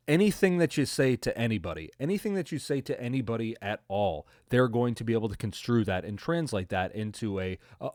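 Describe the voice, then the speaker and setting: A man's voice: fairly low pitch, normal speed, dry recording, clean studio sound. A man hosting his own football recap podcast, talking in a casual, profane, rambling way with jokes and laughs. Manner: profane, rambling, joking, with frequent laughs and fillers. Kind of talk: casual solo recap commentary.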